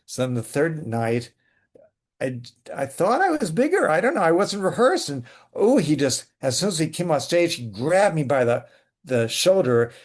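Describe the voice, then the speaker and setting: A man being interviewed as a guest, a playwright and actor telling lively theatrical anecdotes in a casual chat. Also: on the high side, normal speed.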